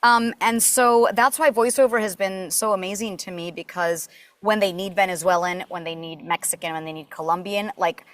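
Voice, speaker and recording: A woman's voice: mid-range voice, normal speed, dry recording. A woman who grew up in Puerto Rico, a voice actor chatting as a podcast guest and telling stories with lots of fillers. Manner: chatty, animated storytelling with many fillers. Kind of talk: casual interview chat.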